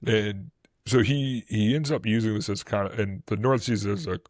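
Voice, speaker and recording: A Boston-accented man with a lowish voice speaks at a moderate pace, co-hosting a history podcast. His casual explanations of events ramble with fillers and restarts, turning animated whenever he quotes. It's a dry, studio-quality recording.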